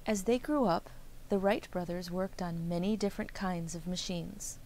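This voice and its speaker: A woman reading a children's story aloud in a gentle, clear storytelling manner. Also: lowish voice, normal speed, slight background noise.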